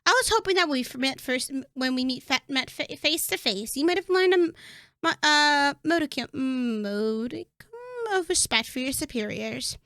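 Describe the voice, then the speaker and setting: A woman voicing a haughty, cruel and seductive vampire mistress from a game, speaking in a grand, mocking, drawn-out way. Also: high voice, expressive, a bit bright, dry recording, clean studio sound. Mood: scornful.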